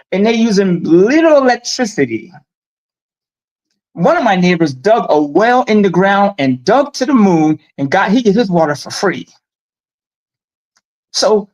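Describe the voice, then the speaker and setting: A middle-aged man talking in a casual live-stream chat, animated and emphatic, telling stories with asides. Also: high-pitched, low-quality recording. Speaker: guest.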